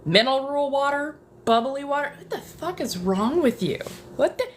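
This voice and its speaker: This woman's voice sits high and is expressive, moving at normal speed over slight background noise. An ASMR streamer in her apartment, she chats casually, swears, gets dramatic, and sometimes slips into a whisper.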